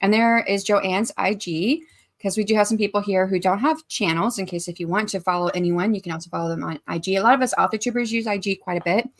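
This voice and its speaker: A woman's voice: mid-range voice, quick pace. A woman in her forties hosting a casual writing livestream, chatting, greeting viewers by name and reading out their messages. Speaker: livestream host.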